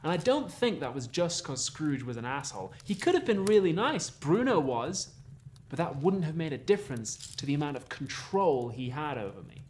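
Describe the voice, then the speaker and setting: A man narrating a scripted video essay in an earnest, measured way. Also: fairly high pitch, big pitch swings, darkish tone, slight background noise. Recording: narration with faint background music.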